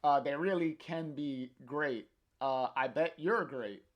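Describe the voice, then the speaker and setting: A man's voice: a little high, takes it slowly. A man reading aloud the lines of an embarrassed young man who is an older brother, mumbling apologies. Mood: sheepish.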